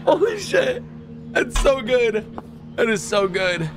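Excitable man doing game commentary. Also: extremely high pitch, slow pace, music in the background. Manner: excitable, joking, swings from mumbling to shouting. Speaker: gaming channel host. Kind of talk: let's play commentary.

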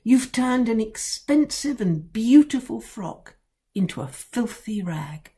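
Angry storybook father, put on by a woman reader, slow, low and snarling. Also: animated, a little mellow. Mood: furious. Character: grumpy furious middle-aged father.

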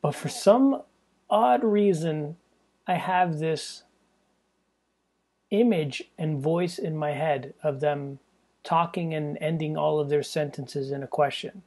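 A man's voice: on the high side, takes it slowly, darkish tone. A man hosting his own podcast, talking alone in a loose, rambling way with self-deprecating jokes and profane asides. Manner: drops into a mock English accent for jokes. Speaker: podcast host. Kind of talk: casual solo podcast monologue.

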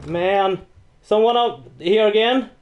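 A man's voice: slow, dull audio. A man livestreaming a horror game, reacting in frightened, swearing outbursts and nervous laughs. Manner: lively, dramatic pitch swings between yelps and mutters. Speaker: livestream gamer.

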